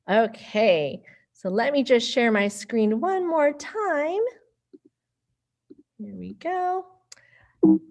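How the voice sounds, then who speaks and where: This high-voiced woman is a librarian leading a virtual storytime, cheerful and sing-song as she talks to small children and caregivers over a computer mic.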